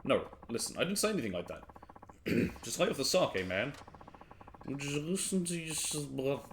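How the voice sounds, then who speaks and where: A man voicing an easygoing, polite grown man who sounds calm and mildly exasperated. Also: medium pitch, moderate pace, slight background noise, voice pushed up. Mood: patient. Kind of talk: reading game dialogue aloud.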